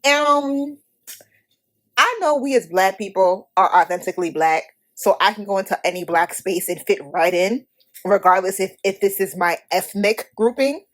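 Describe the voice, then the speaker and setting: A Haitian-American woman hosting a podcast, giving a blunt, profane, animated movie review in casual talk. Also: mid-range voice, moderate pace. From United States. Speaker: podcast host.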